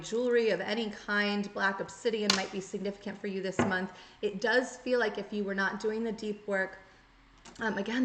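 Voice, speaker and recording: A woman's voice: medium pitch, fairly bright tone. A woman giving a tarot reading, talking straight to her viewers in an earnest, coaching way and acting out the thoughts she quotes. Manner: earnest, coaching, acts out quoted inner voices. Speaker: tarot reader. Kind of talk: direct-to-camera tarot reading. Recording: echoey room, faint noise.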